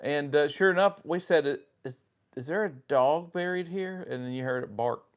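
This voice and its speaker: A man's voice: on the high side, moderate pace. A man with a Southern US accent co-hosting a paranormal livestream, greeting viewers by name and telling anecdotes in casual chat.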